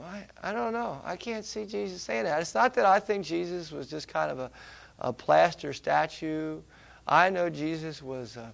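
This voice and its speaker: A man preaching a conversational sermon, swinging between loud, emphatic passages and quiet, hushed asides. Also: fairly high pitch, gravelly.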